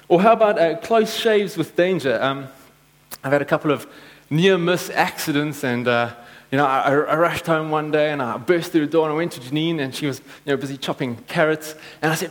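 A man preaching a sermon, telling stories and acting out quotes with lively energy. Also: fairly high pitch, fairly quick, rough recording. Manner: storytelling, animated with acted-out quotes. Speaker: pastor.

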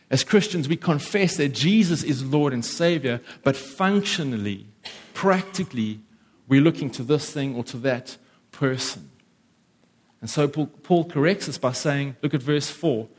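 A man preaching a sermon as pastor, emphatic and acting out the voices of worried listeners. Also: mid-range voice.

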